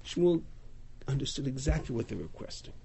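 Gravelly-voiced man teaching a text class. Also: medium pitch, brisk, a little hiss or hum. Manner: animated, reads Hebrew verses then paraphrases them. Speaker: Torah teacher.

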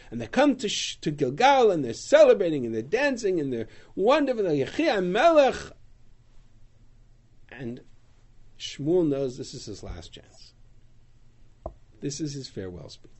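A man teaching a Bible class, retelling the story with animated storytelling and acting out the quotes. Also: on the high side, measured pace, breathy edge. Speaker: Torah teacher.

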